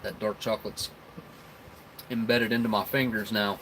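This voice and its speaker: A man's voice: on the low side, level tone, moderate pace, a bit bright, a little hiss or hum, rough recording. Rambling Southern man on a live stream. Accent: American Southern rural. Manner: rambling and chuckling, talking with food in his mouth. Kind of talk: casual live-stream chat while tasting snacks.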